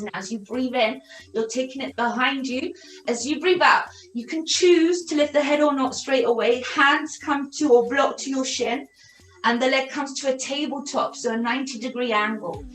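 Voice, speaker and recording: A woman leading a yogilates class, calmly cueing breathing and counting repetitions. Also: sits high. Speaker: yoga and pilates instructor. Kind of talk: guided exercise class instruction. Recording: echoey room with soft music.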